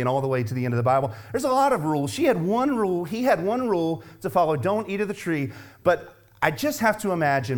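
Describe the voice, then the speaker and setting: Emphatic male pastor preaching. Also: a little high. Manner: emphatic, rhetorical questioning with repetition. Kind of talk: sermon.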